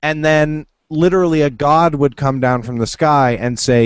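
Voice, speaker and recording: A man hosting a casual podcast over a video call, excitable and swearing freely, now and then slipping into quick impressions. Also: on the high side, clean tone, no room sound. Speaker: podcast host. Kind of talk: casual chat. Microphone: computer over a video call.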